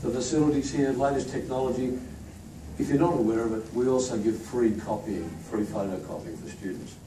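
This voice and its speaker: The speaker is an institute leader whose mid-range voice runs a little fast. At a staff event he introduces team members to the crowd with chatty, joking remarks, recorded on a distant mic in an echoey room full of crowd noise.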